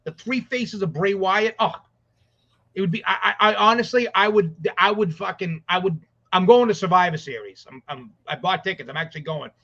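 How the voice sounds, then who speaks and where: A man co-hosting a casual sports podcast, rambling excitedly and swearing as he talks. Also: high voice, moderate pace. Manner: excited, profane, rambling with restarts. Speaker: podcast co-host. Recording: dull lo-fi audio.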